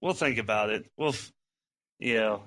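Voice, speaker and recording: A man's voice: on the low side, normal speed, fairly bright tone. A man co-hosting a fan podcast in casual, rambling chat, full of swearing and restarts. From US Midwest. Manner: rambling, profane, laughs often. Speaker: primary podcast co-host.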